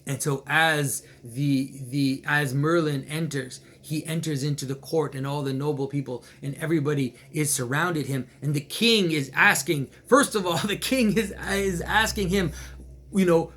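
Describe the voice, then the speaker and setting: A man retelling an old legend in a casual, animated way, repeating phrases and chuckling now and then. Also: a little high, normal speed. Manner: animated, repetitive, with small laughs and restarts. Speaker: storyteller and commentator.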